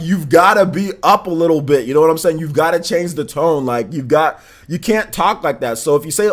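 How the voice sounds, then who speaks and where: Brief: young male streamer, high-ish voice, emphatic and repetitive, high energy. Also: a little fast. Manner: energetic, emphatic, repeats himself. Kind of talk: live stream chat.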